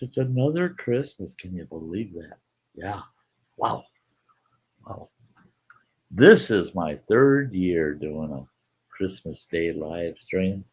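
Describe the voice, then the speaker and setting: A man's voice: deep voice, big pitch swings, slow pace, long pauses, a little mellow, slightly rough. A man hosting a holiday live stream in a casual, folksy way, greeting viewers by name and often repeating himself. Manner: folksy and repetitive, calls listeners folks.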